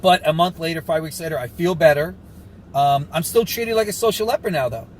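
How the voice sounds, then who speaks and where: Fast-talking, sarcastic man ranting casually. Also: a little high, a little hiss or hum, low-quality recording. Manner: rambling, sarcastic, fast-talking with frequent asides. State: short of breath. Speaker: vlogger recovering from covid. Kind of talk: casual rant to camera.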